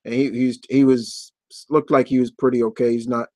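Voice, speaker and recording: A man chats loosely through a live stream question session, circling back and restarting his sentences. His voice sits at a middling pitch, and the sound is dry and close with no room around it. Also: little pitch movement, normal speed, warm tone, no echo. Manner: rambling, chatty, frequent fillers and restarts. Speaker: host of a live Q&A. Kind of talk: casual live-stream chat.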